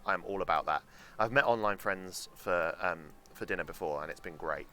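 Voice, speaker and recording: Young London streamer, low, bright and lively voice, chatty and sweary, faint hiss under the mic. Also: male voice, a little fast. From England. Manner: chatty, sweary, answers chat aloud. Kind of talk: casual live-stream chat while gaming.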